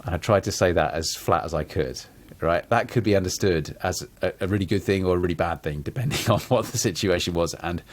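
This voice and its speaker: A man's voice: sits low, a little fast, hardly any pauses. A man co-hosting a podcast in casual chat, acting out example sentences with shifting emphasis. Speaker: podcast co-host.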